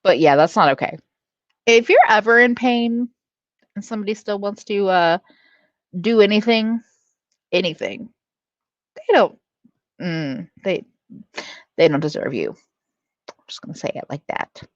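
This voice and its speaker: A woman's voice: mid-range voice, expressive, measured pace, pauses often, no echo, highs cut off. A woman hosting a casual livestream, reading out chat, laughing often and swearing freely. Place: at home.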